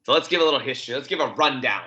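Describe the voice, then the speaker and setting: A man's voice: mid-range voice, expressive, rapid-fire, bright, forceful tone. A man co-hosting a casual podcast, upbeat and jokey, laughing often. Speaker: podcast co-host. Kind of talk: casual chat. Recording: dull lo-fi recording.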